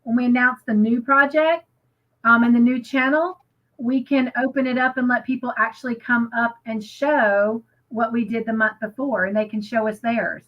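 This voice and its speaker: A woman co-hosting a crochet livestream, gushing excitedly and reading viewer comments aloud. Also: fairly high pitch, moderate pace, muffled recording. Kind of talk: casual live chat, reading comments.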